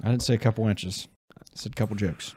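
Low-voiced teasing podcast man. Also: steady tone, fairly quick, a little mellow, slightly rough, no echo, clean studio sound. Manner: teasing, crude jokes. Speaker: podcast co-host. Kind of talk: casual joking banter.

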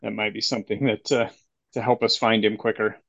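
A man's voice: on the low side, flat delivery, a little fast, gravelly, a bit bright, dry recording, muffled recording. A man playing a tabletop game who rambles through his ideas with many restarts. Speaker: player.

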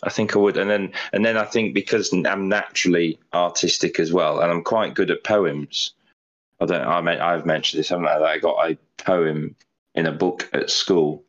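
Deep-voiced young man, rambling podcast chat. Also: fairly even intonation, moderate pace, fairly bright tone, lo-fi sound. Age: 20s. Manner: rambling, self-deprecating, repeats words while thinking. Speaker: podcast co-host. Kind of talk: casual chat.

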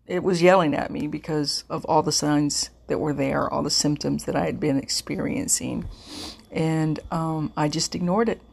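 Low gravelly-voiced woman podcaster. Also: fairly even intonation, moderate pace, a little mellow. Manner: earnest, repeats herself, trails off with fillers. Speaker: podcast host. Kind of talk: casual informational podcast talk.

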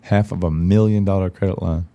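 A man's voice: low-pitched, steady tone, fairly quick, mellow, lo-fi sound. A man, a podcast guest telling stories in a blunt, profane, casual way. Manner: profane, blunt, acts out quoted dialogue. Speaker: podcast guest, country singer. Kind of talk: casual storytelling chat.

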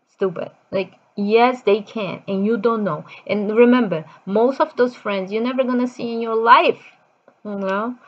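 A woman talking casually about her teenage daughter, in non-native English, animated and acting out her children's shouting. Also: fairly high pitch, muffled recording. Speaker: parent of a teenager. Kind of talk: casual chat.

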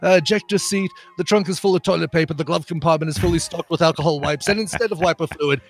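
A man's voice: fairly high pitch, fast, soft background music. A man doing a comic impression of a fussy older gadget quartermaster, prim and scolding.

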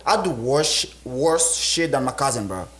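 A young adult man telling stories in casual podcast chat, excitable and profane, acting out what people said. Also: mid-range voice, a little slow. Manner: excitable, profane slang, acts out quotes. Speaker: podcast co-host. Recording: echoey room.

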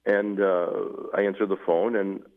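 A middle-aged man, a newly appointed Catholic bishop, telling his story at length in a measured way, with fillers. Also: low-pitched, level tone. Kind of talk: interview storytelling. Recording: tinny phone-like radio audio.

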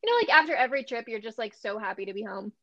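A woman's voice: a little high, very fast, no room sound, highs cut off. A woman in her thirties from Western Nebraska, co-hosting a podcast and telling stories with lots of giggles. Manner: giggly, animated storytelling. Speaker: podcast co-host. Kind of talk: casual chat.

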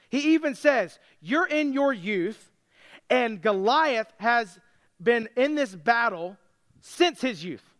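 A man preaching a sermon, retelling a story with lively, casual character voices. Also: very high voice, measured pace. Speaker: pastor.

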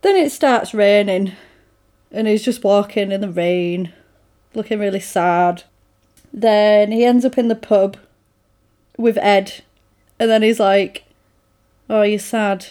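A woman casually recapping a film's scenes to a friend, animated and quick to act out the characters' lines. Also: medium pitch. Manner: animated retelling, acting out quoted lines with laughs. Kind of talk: casual film recap chat.

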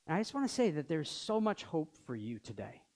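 A man's voice: on the high side, big pitch swings, a little fast, darkish tone. A man in his thirties preaching a sermon as pastor, telling stories earnestly and acting out the dialogue. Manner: earnest storytelling, acts out dialogue.

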